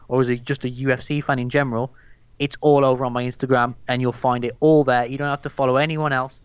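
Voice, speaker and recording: A man's voice: medium pitch, clear, resonant tone, dry recording, highs cut off. A young man with a Birmingham accent chatting casually as a podcast guest, rambling and swearing with lots of fillers. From England. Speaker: guest, MMA news account runner.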